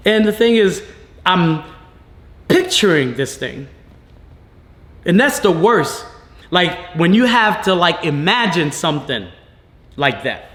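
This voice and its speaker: A man, a father, telling a personal story to camera in a halting, emotional way, full of fillers and restarts. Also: high-pitched, very animated, a bit bright, reverberant.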